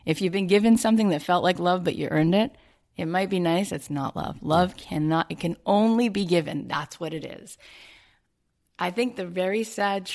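A woman hosts a relaxed interview, her voice sitting a little low for a woman. She tells stories with energy and acts out the lines people said to her. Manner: animated storytelling, retelling dialogue. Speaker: podcast host. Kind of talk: conversational interview.

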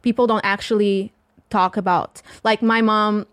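Animated Portuguese-accented woman storyteller. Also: mid-range voice, measured pace, dry recording, clean studio sound. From southern Portugal. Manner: animated storyteller acting out quotes. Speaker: guest comedian. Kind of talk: casual podcast chat.

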